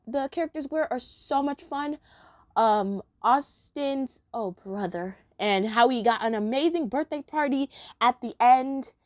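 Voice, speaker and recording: High-voiced excitable woman vlogger. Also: no room sound, studio quality. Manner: gushing and excitable, giggly. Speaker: episode ranking vlogger. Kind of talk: casual chat.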